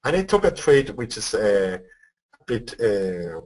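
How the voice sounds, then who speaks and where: A man's voice: lowish voice, big pitch swings, takes it slowly, darkish tone, low-quality recording. A man presenting a live trading webinar, explaining step by step, often checking whether listeners follow. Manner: explanatory, asks for feedback, repeats words.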